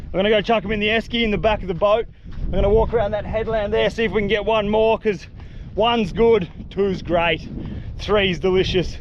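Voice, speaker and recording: Male outdoor vlogger, high-pitched and excitable, self-filmed on a handheld camera with faint background ambience. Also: brisk, highs cut off, a little hiss or hum. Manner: excited, breathless slang-filled chatter. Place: outdoors in mangroves by water.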